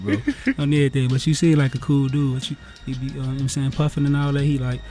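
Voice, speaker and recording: Slangy, high-pitched Wisconsin rapper guest. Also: male voice, fairly even intonation, very fast, hardly any pauses, dark tone, soft background music. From Wisconsin, USA. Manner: slangy, keeps repeating "fam" and "on everything". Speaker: radio interview guest, rapper. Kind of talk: animated casual radio chat. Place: radio station studio.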